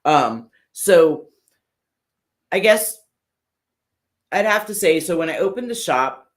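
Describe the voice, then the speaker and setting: Older woman, interview guest, lively storyteller, acts out what others said, frequent "um" and "uh", casual and unpolished. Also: fairly low pitch, takes it slowly. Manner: animated storyteller who acts out what others said, with many fillers. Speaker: guest, custom motorcycle builder.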